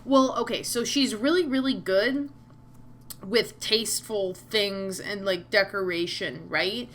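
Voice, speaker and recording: A woman playing a visual novel, reading all the characters' lines aloud and breaking off into excitable, gushing asides. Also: mid-range voice, measured pace, slight background noise. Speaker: let's-play streamer voicing all characters. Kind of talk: reading game dialogue aloud with commentary.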